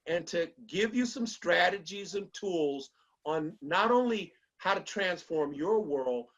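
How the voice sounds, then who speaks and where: Bright, high-voiced middle-aged man. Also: takes it slowly, muffled recording. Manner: animated storyteller who acts out quoted lines. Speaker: motivational speaker. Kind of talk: motivational talk to a small group.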